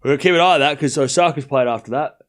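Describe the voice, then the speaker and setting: A man's voice: on the high side, racing. A young man streaming a live tennis watchalong, calling points casually and teasing his chat. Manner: relaxed, teasing with chat, breaks into laughter. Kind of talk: casual live play-by-play commentary.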